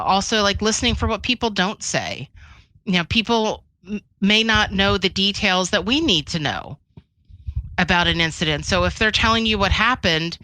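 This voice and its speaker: A woman cybersecurity expert being interviewed, chatting casually in a storytelling way, with lots of "you know" and quick restarts. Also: mid-range voice, pushed and bright, low-quality recording. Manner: chatty, frequent fillers and restarts, laughs between points.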